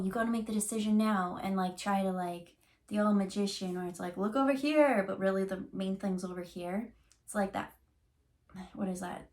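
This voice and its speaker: A woman reads tarot cards in a loose, chatty way, wandering through her thoughts with fillers and restarts. Her voice sits at an ordinary middle pitch. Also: a little mellow. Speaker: tarot reader. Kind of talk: casual channeled tarot reading.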